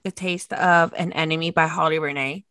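A woman's voice: deep voice, fairly even intonation, moderate pace, a bit bright, clear, resonant tone, no room sound. A woman co-hosting a podcast in casual book chat, effusive and repeating herself for emphasis. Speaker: podcast co-host.

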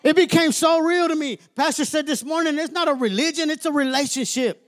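A man's voice: very high-pitched, brisk. A man preaching a sermon as a minister, emphatic and conversational, repeating phrases and laughing as he talks.

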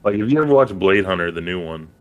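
A man's voice: sits low, lively intonation, quick pace, crowd noise. A man co-hosting a casual movie podcast, speaking bluntly with lots of swearing and filler words. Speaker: podcast co-host. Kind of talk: casual movie review chat.

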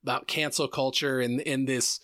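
A man's voice: medium pitch, little pitch movement, normal speed, fairly bright tone, dry recording, clean studio sound. A man in casual podcast conversation, thinking aloud reflectively with frequent restarts. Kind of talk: casual chat.

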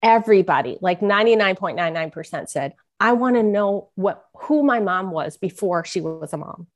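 In an animated, medium-pitched voice at a moderate pace, a middle-aged woman guesting on a podcast as an author relates a personal story earnestly. She acts out the voices of people she quotes along the way.

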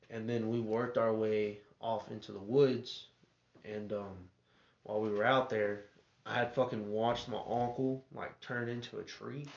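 Profane young Texan man telling stories. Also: mid-range voice. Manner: profane, laughs often, acts out quotes loudly. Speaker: podcast co-host. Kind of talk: casual storytelling chat. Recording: echoey room, muffled audio, faint hiss.

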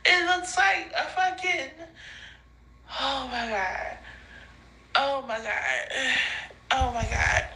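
A high, very bright woman's voice that swings up and down as she rambles into her phone. She drifts between giggles and tears, swears freely and keeps losing her thread. Her pace is slow and drawn out. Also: lively intonation, rough recording. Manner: giggly, crying and laughing, loses her train of thought, swears a lot. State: intoxicated, laughing and crying. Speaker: podcast host sending voice notes. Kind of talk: rambling voice notes to a friend. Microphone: phone voice memo.

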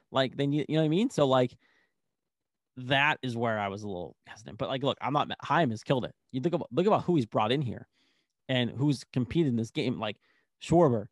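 A young man co-hosting a casual sports chat, excitable and rambling, full of "like". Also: mid-range voice, no echo, clean studio sound. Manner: excitable, rambling, heavy use of "like". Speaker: sports podcast co-host.

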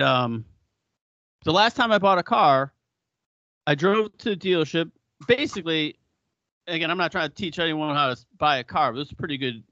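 Bright, profane man telling stories. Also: a little high, dry recording, highs cut off. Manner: profane, animated storyteller who acts out quotes. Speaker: podcast co-host. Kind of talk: casual storytelling chat.

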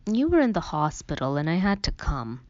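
A woman voicing a stubborn, downcast young woman, an older sister, in a slightly higher, raised voice. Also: very animated, a little fast, darkish tone, no echo. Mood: dejected. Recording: dull, dry studio sound.

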